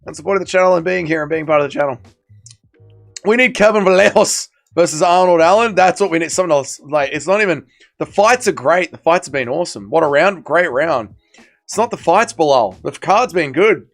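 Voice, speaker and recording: A man's voice: fairly high pitch, expressive, a little fast, creaky. A man hosting a casual livestream watch party, tired and hungover, rambling and swearing in slangy banter with his chat. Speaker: livestream host.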